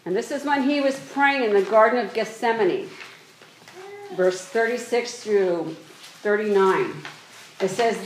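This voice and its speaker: A woman preaching a sermon, reading scripture aloud slowly and exhorting her congregation earnestly. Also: medium pitch. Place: church. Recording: echoey room with faint noise.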